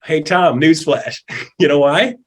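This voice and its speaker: A man with a high, husky voice coaches real estate agents with a lot of energy. He is middle-aged and keeps acting out clients and calls as he goes. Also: slow pace. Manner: animated, acts out quoted people and calls. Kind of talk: energetic coaching talk in an interview.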